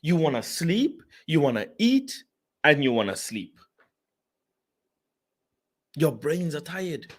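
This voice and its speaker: A man, the host of a football talk show, talks in a casual, animated way. His fairly high voice swings widely in pitch, and he repeats himself and turns loud when he gets worked up. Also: takes it slowly, long pauses.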